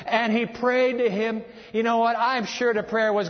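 A male preacher delivering a dramatic sermon, swinging between booming lines and hushed ones. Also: level tone, normal speed, few pauses. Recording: lo-fi sound in a long-reverb hall.

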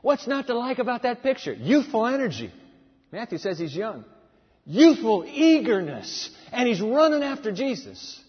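A man's voice: extremely high pitch, wildly swooping pitch, moderate pace, breathy edge. A man preaching a dramatic storytelling sermon that acts out the dialogue, in an echoey hall on a dull lo-fi recording.

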